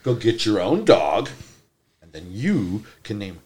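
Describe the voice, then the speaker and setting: Deep-ish guy ranting on a podcast, blunt, voice jumps all over. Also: big pitch swings, takes it slowly, darkish tone. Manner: blunt, ranting, repeats himself. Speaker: podcast co-host. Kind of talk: casual chat.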